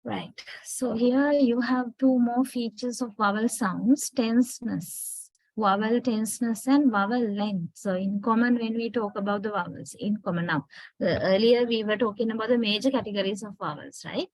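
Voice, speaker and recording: A woman's voice: a little high, normal speed, a little mellow, dry recording, low-quality recording. A middle-aged woman with a Sri Lankan English accent giving a university phonetics lecture, explaining step by step and often asking "right?".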